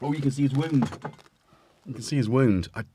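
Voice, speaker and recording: A man's voice: mid-range voice, a little fast, warm tone, a little hiss or hum. A man hosting a casual home livestream, chatting in a rambling way and tripping over his words. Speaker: livestream host. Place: room at home. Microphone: desk mic with headphones.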